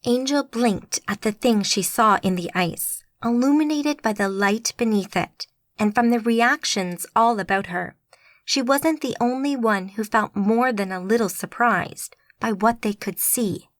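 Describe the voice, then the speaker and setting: A woman giving steady, scripted audiobook narration. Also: a little high, measured pace, no echo.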